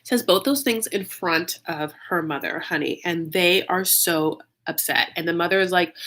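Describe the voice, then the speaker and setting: A young man recapping a reality show in a campy, sassy, animated storytelling style, calling viewers "honey". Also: high-pitched, normal speed, few pauses. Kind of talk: casual comedic recap.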